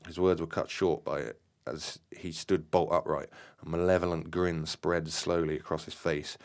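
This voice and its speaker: A man reading his own dramatic account aloud in a measured, slightly halting way, with occasional stumbles over words. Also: very deep voice, flat delivery. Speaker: storyteller.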